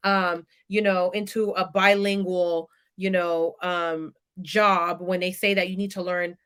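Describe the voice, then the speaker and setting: As a guest on a podcast, a woman from California in her thirties shares her story casually and with animation, often performing the words of the people she quotes. Her voice is bright and clear, fairly low in pitch, and unhurried.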